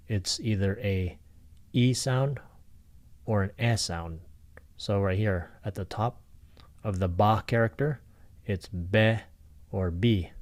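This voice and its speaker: Slow, deep-voiced man teaching script. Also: darkish tone. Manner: patient, deliberate teaching, sounding out syllables one by one. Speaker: lecturer on Philippine script. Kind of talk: recorded lecture.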